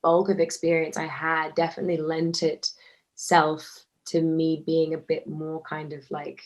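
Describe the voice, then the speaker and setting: A woman's voice: low voice, completely flat delivery, measured pace. A woman, an actor answering questions casually, chatty with lots of fillers and restarts. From Australia. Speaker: actor, interview guest.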